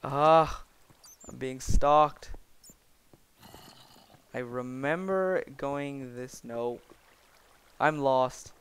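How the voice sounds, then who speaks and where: A young man giving excitable, rambling commentary while playing a block-building game and joking with the creatures he meets. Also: medium pitch, very slow, long pauses, clear, resonant tone. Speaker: gaming video creator. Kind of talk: Minecraft let's play commentary.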